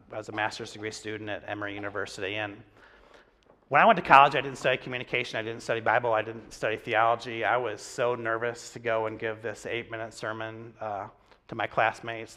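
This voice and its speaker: A man's voice: medium pitch, bright, forceful tone. A young adult man preaching a sermon as pastor, talking in a loose, conversational storytelling way with many fillers.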